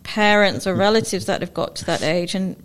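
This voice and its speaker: A woman's voice: medium pitch, fairly quick. Thoughtful woman in casual talk. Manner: thoughtful, reflective, builds points in lists. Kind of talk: casual chat.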